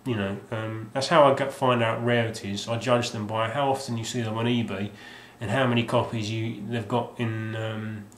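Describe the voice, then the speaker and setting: A man's voice: lowish voice, steady tone, normal speed, few pauses, a little hiss or hum. A man casually showing off his game collection, rambling and hesitant with lots of ums and restarts. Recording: roomy sound with faint ambience.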